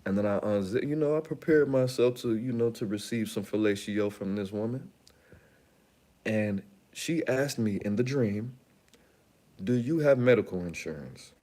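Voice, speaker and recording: A man with a lowish, mellow voice talks through a story on his channel. He rambles loosely, drops slang and breaks off into asides as he goes. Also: normal speed. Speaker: channel host. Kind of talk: casual storytelling.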